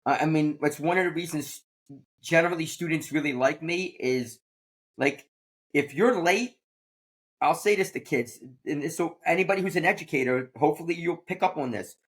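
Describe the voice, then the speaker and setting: A man's voice: fairly high pitch, normal speed, a bit bright. A man hosting a podcast, a teacher who talks in a blunt, plain-spoken way during casual conversation. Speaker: podcast host.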